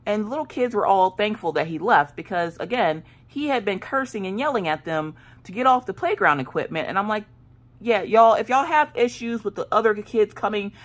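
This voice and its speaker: Animated, sassy woman in her late thirties. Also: medium pitch. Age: 30s. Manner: animated, sassy, acts out quoted voices. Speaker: crafting vlogger. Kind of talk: casual storytelling chat.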